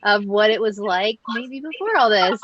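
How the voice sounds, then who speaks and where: A woman's voice: mid-range voice, animated, normal speed, dull audio, a loud crowd. A woman co-hosting a casual food news podcast, chatty, with frequent ums and uhs. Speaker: podcast co-host.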